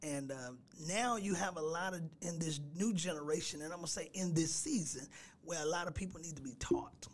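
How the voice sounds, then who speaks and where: A pastor and gospel singer with a raspy voice, chatting easily on a radio show and laughing often. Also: male voice, on the high side, fairly quick. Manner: laid-back, laughs easily, sings snatches of his songs. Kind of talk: casual radio interview chat.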